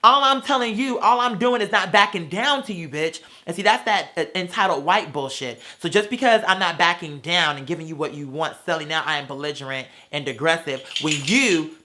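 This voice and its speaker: A man's voice: on the high side, a little fast, few pauses, bright, forceful tone. An adult man and parent ranting about a stranger, sassy and brash, swearing constantly and calling people girl. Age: adult with children. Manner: theatrical, mocks people in put-on voices. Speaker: vlogger. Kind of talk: profane ranting storytime.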